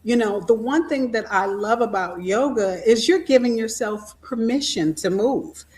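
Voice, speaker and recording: A woman's voice: fairly high pitch, normal speed, darkish tone, slight background noise. Earnest woman guest on a video call. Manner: earnest and reflective. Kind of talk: personal testimony in an interview.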